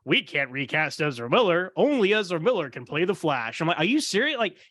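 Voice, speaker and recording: A man with a high voice hosts a casual roundtable podcast, getting heated and animated as he talks. He mimics other people's voices, and the sound is dry and close to the mic. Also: fairly quick, dry recording. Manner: acts out quoted voices. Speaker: podcast host.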